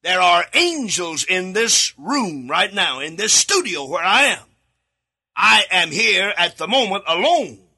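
A man preaching a sermon alone in a studio, reading scripture aloud and repeating key words, sometimes breaking into shouts. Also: high voice, sing-song, a little slow, husky. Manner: reads scripture aloud with verse references.

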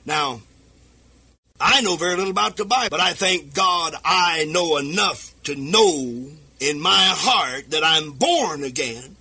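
Male radio preacher, high-pitched and husky, fervent delivery swinging into shouts and sing-song. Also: very animated, slow pace. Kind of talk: sermon. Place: radio broadcast. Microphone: speaking into a microphone.

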